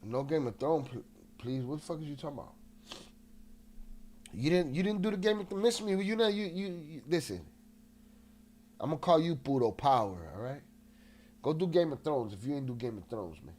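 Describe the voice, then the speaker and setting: A man's voice: a little high, animated, normal speed, pauses often. Man, livestream host, casual chat, agitated, swears, slightly nasal. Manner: restless and agitated, swears freely, shouts out chat.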